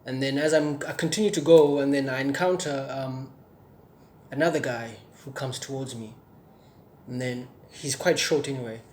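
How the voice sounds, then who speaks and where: A young South African man gives an earnest personal testimony in a mid-range, somewhat dark voice with a steady tone and moderate pace. His speech is full of fillers and restarts, with an occasional stutter.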